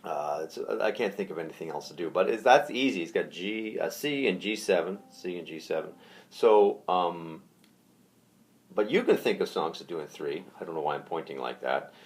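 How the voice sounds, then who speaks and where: A man teaching ukulele patterns in a relaxed, hesitant way, counting the beats aloud. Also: deep voice, normal speed. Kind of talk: casual music lesson. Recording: ukulele music under the voice. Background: ukulele playing.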